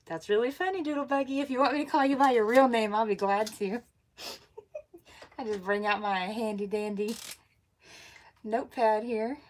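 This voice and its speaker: A woman's voice: fairly high pitch, steady tone, measured pace, long pauses, a little hiss or hum. A woman, hosting a casual craft livestream, bubbly, laughing often and greeting viewers by name. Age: 40s.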